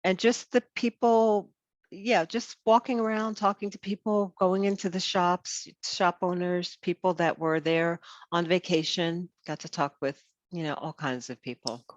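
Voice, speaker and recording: A woman's voice: lowish voice, steady tone, a little slow, no echo, highs cut off. A woman host in a casual chat, rambling with lots of "you know" and restarts. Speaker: podcast host.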